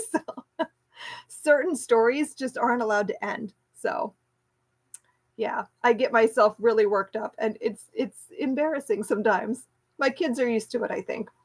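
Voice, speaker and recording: Rambly chatty woman host, kinda high voice, gushing about books and laughing a lot. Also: measured pace, gravelly, slightly rough. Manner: chatty and rambling, with many restarts and fillers; warmly enthusiastic, laughs easily. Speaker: homeschool book club host. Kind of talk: casual book club chat.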